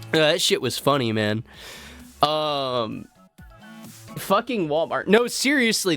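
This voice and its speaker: A man streaming live, telling a story in a profane, animated and rambling way with lots of fillers. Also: on the high side. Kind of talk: casual storytelling rant.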